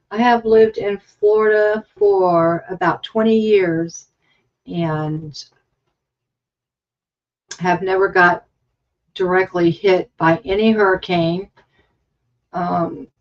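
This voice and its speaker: A woman's voice: fairly low pitch, a little mellow, dull audio. A woman in her fifties hosting a casual livestream from her home craft studio, rambling and chatty as she thinks aloud over her work. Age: 50s. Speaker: livestream host.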